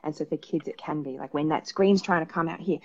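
A woman with an Australian accent, a psychologist giving parenting advice in a relaxed, thoughtful way, with many fillers. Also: low voice, fast, highs cut off. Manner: thoughtful, rambling with many fillers, acts out examples. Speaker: perinatal psychologist guest. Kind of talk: casual advice talk. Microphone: video call.

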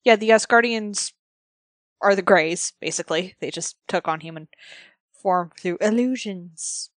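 A woman co-hosting a podcast in relaxed casual chat, laughing often. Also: mid-range voice, unhurried, no room sound, studio quality. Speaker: podcast co-host.

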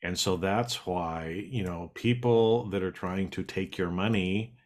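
A man with a very deep voice, hosting a casual conversation. He explains things emphatically to his listeners, with loose phrasing and the odd swear word. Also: measured pace. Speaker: podcast host, hypnotist.

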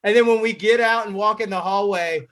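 A man's voice: high voice, brisk. Man telling a wild story, laughing. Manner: animated, swearing, laughing mid-sentence. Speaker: guest. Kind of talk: casual storytelling.

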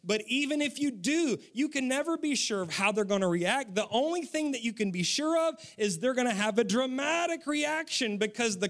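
A man's voice: very high voice, a bit bright. A man, preaching a sermon and telling funny stories from his own life, chuckling and talking straight to the audience. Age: 40s. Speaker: pastor. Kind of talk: sermon with humorous personal stories.

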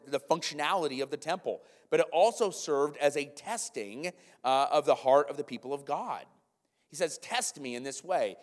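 Male pastor, higher voice, lively sermon with restarts, long reverb of a church hall. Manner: animated, stumbling restarts and repeated words. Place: church sanctuary.

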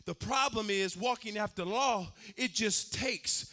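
Preacher guy, high bright voice, sing-songy sermon rhythm. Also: unhurried. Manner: sing-song preaching cadence, swelling louder on key points.

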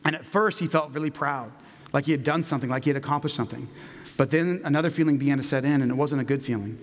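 A man preaching, telling a children's story in a gentle, narrative manner. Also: medium pitch, quick pace, in a large hall. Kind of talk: sermon storytelling.

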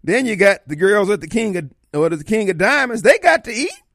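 Male radio host; folksy, theatrical monologue, pitch bounding all over, a touch high. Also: lively intonation, brisk, gravelly, a bit bright, no room sound, studio quality. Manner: theatrical, folksy, slips into voices and asides. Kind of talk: opinionated talk radio monologue. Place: radio studio.

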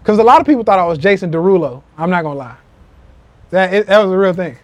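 A man's voice: high voice, animated, fast, dry recording. A man hosting a live social media rant podcast, talking in an emphatic, profane and repetitive way, acting out quotes with animation. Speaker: podcast host. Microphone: phone.

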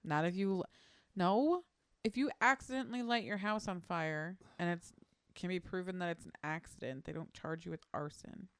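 A woman's voice: fairly low pitch, moderate pace, clean tone. A woman co-hosting a podcast, chatting casually and explaining things in a plain, matter-of-fact way. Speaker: podcast co-host. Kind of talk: casual chat reacting to videos.

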